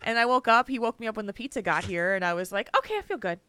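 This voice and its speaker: A woman co-hosting a casual podcast chat, animated and quick to laugh, sounding tired from a cold. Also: mid-range voice. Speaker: podcast co-host.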